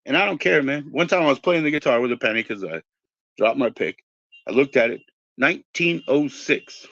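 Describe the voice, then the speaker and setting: A man in his forties with a bright, forceful voice talks in a loose, meandering way, cursing casually as he drifts between tangents. The sound is dull and lo-fi, with a dry, close feel and no room around it. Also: mid-range voice, fast talker, no room sound. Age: 40s. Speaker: podcast host. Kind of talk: rambling casual chat.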